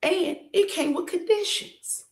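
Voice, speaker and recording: A woman's voice: extremely high pitch, measured pace, vocal fry, darkish tone. A woman hosting a podcast and retelling a story as casual commentary, emphatic and colloquial, often stopping to ask the listener rhetorical questions. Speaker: podcast host. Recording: roomy echo.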